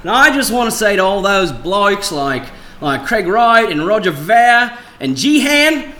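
A man voicing a brash Australian coin miner with a put-on Australian accent and a swaggering pitch. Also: very animated, a little slow, sharp tone, exaggerated voice. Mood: boisterous.

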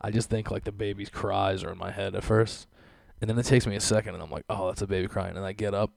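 A man's voice: on the low side, fairly even intonation, fast, creaky, darkish tone, no echo. Profane laughing man ranting. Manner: profane, laughing, sarcastic rant. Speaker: podcast host. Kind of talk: casual podcast monologue.

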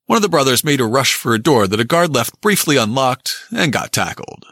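A man's voice: medium pitch, brisk, no echo, studio quality. A man narrating a scripted true-crime history and reading old newspaper accounts aloud. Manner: lively storytelling, quotes old newspaper accounts.

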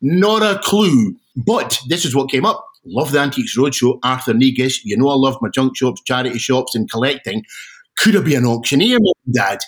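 A middle-aged Scottish man, a guest auctioneer, telling stories in a casual interview with animated, self-deprecating restarts. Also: mid-range voice, moderate pace, poor audio. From Scotland.

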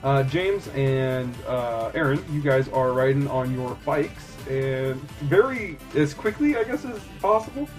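A man's voice: mid-range voice, animated, a little slow, hardly any pauses, soft background music. A man narrating as game master of a tabletop role-playing game, rambling with many fillers and frequent laughter.

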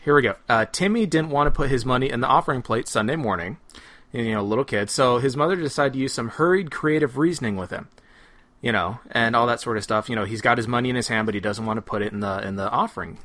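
A man's voice: mid-range voice, quick pace, a bit bright. A man co-hosting a podcast in casual chat over a remote call, rambling and joking with frequent restarts. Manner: rambling, jokey, trails off with restarts. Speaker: podcast co-host. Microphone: remote call mic.

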